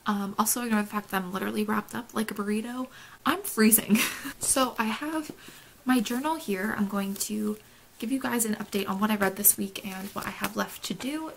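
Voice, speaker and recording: A woman's voice: medium pitch, rough recording. A woman chatting casually to camera in a book vlog, rambling and laughing often, recorded at home. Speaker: book vlogger.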